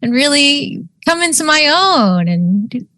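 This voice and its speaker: A woman role-playing a college student at the game table. She speaks slowly and calmly in a slightly high voice. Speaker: player.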